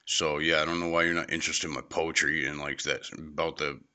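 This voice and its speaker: Profane rambling young man, very low voice. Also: flat delivery, a little fast, pushed and bright, clear, resonant tone. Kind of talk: casual comedy banter.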